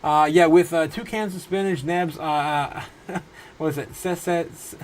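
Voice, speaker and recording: A man in his thirties hosting a casual crypto livestream from his home, rambling through viewer comments with halting restarts and frequent laughs. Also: fairly high pitch, fairly even intonation, darkish tone, low-quality recording. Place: home room.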